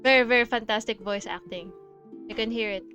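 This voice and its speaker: A woman's voice: a little high, a little fast, muffled recording, music in the background. A woman streamer chatting casually over gameplay, gushing, with many fillers and giggles.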